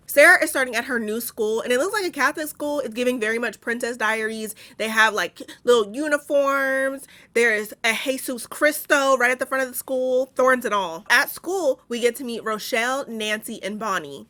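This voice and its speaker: Young woman ranting thru a movie recap, sassy and cussing, kinda high bright voice. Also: moderate pace, few pauses. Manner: sassy, profane, joking asides. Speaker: YouTuber. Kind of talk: casual movie recap commentary.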